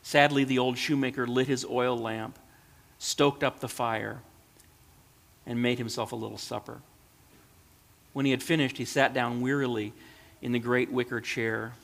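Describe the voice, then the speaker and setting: Man reading a children's story, earnest, gravelly voice, long hall reverb. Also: mid-range voice, level tone, normal speed, pauses often, a bit bright. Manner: earnest, emotional. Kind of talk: reading a children's story aloud, then reflecting.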